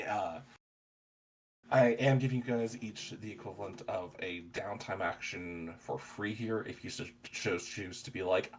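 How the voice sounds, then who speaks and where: Unhurried, animated man running a game. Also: on the low side, slight background noise. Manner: relaxed, unhurried explaining, laughs easily. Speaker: game master.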